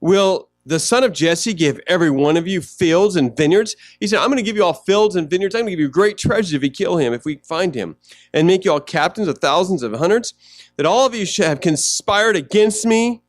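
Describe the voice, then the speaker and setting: A man preaching a sermon as pastor, swinging from loud mocking quotes to low hushed asides. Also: expressive, brisk, no echo, clean studio sound.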